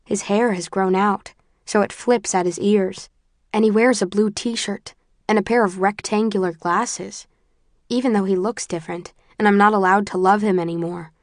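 A woman reading a first-person story aloud in a measured, often quiet and subdued way. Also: mid-range voice, steady tone, no room sound, clean studio sound. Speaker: audiobook narrator. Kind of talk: first-person audiobook narration.

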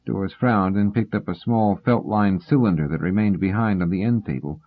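Husky male narrator, fairly low pitch, steady audiobook reading, tinny phone-like sound. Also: moderate pace.

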